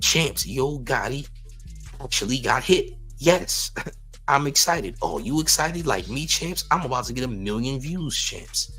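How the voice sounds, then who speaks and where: A man's voice: medium pitch, sing-song, a little slow, pushed and bright, faint music behind, voice pushed up. A man mimicking a giddy male street vlogger who is gloating over a shooting, in a breathless, mocking voice. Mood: gleeful mockery.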